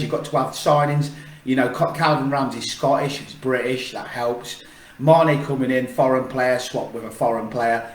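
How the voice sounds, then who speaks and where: A man talks in an emphatic, repetitive way, restarting his sentences as he argues his point. His voice sits at an ordinary middle pitch. He is set back from the mic in an echoey room. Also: recorded from a distance. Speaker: football fan channel host. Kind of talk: casual opinion vlog.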